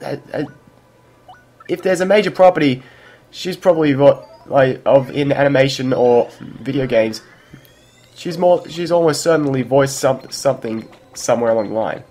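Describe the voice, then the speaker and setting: A man's voice: mid-range voice, moderate pace, dark tone, soft background music. A man co-commenting on a let's play, chatting casually and hesitating with fillers and restarts.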